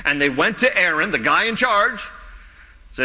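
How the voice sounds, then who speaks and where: A man preaching a sermon as pastor, animated, with joking asides and quick voices for the characters in the story. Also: sits high, long reverb tail, low-quality recording.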